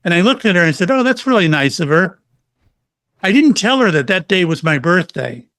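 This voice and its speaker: A middle-aged man appears as a psychic medium guest in a casual interview, animatedly telling stories and acting out the quotes. His voice sits high and his pace is brisk, with no echo.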